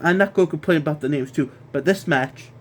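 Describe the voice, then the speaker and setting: Exasperated man ranting, slightly high voice. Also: fast talker, a little hiss or hum. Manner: exasperated, repetitive, stumbling restarts. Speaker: wrestling show reviewer. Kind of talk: casual ranting review.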